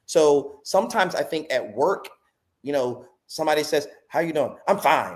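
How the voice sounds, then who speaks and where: A man in a podcast conversation, talking in a reflective, animated way, with preacher-like repetition and acted quotes. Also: on the high side, normal speed. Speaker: podcast guest speaker.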